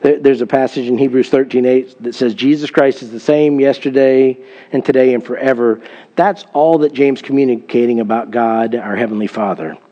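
A man's voice: mid-range voice, fairly even intonation, moderate pace, mellow, muffled recording. A middle-aged man, a pastor, preaching a sermon in an earnest storytelling manner, with emphatic scripture reading.

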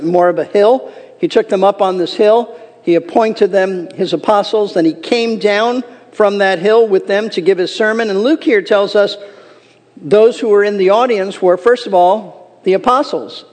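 A man's voice: sits high, darkish tone, in a large hall. A man preaching a sermon as a pastor, earnest and emphatic, reading scripture aloud.

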